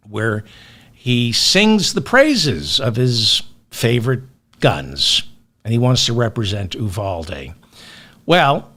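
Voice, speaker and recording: A man delivering a solo political news commentary with a sardonic, indignant edge. He speaks slowly and deliberately, and his pitch swings widely as he leans on key words for effect. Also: fairly bright tone. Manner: sardonic, indignant, with long pauses.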